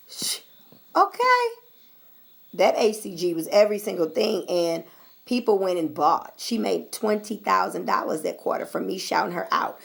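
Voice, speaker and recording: A woman's voice: medium pitch, vocal fry. An American woman vlogger talking straight to her viewers, blunt and sassy, swearing freely. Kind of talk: casual straight-talk vlog.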